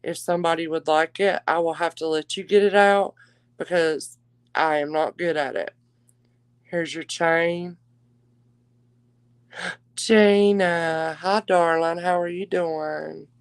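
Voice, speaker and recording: A woman's voice: low-pitched, steady tone, slow, pauses often, clean tone, no echo. A woman hosting a live-stream jewelry auction, chatting with viewers and calling them darling. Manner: chatty, warm endearments to viewers.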